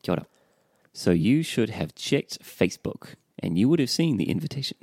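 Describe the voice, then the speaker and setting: A man's voice: lowish voice, big pitch swings, normal speed, creaky, a little mellow, no echo. A man joins a language lesson. He repeats words back attentively and asks questions. The recording is dry and close.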